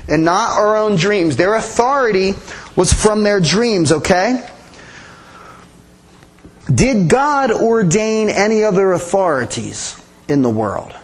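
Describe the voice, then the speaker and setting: A man with a notably high voice teaches a sermon in a conversational way. He keeps asking his congregation questions and approving their answers, with lively emphasis. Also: slow, rough recording. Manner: animated emphasis, playful sound effects. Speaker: pastor.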